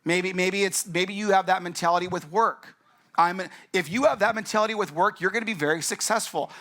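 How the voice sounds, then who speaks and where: Bright-voiced, jokey male pastor. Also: high-pitched, a little fast. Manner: joking and conversational, acts out characters' lines. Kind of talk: casual conversational sermon.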